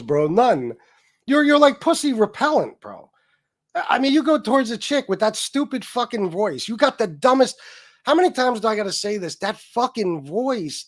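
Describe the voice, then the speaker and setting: A man in his forties rants on his livestream with a slightly high voice. He is heated and crude, firing off loud jabs and then dropping into low mutters. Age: 40s. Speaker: livestream host. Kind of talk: profane livestream rant.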